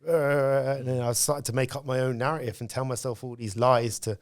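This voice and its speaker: A man's voice: mid-range voice, level tone, brisk, no room sound, clean studio sound. A man, speaking as a podcast guest and telling candid stories about his own life in casual conversation. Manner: candid storytelling, reflective.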